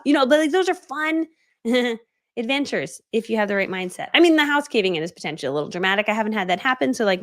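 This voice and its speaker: A woman's voice: on the high side, a bit bright. A woman hosting a live video, teaching marketing in a chatty, laughing way and acting out quotes. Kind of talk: casual live-stream teaching.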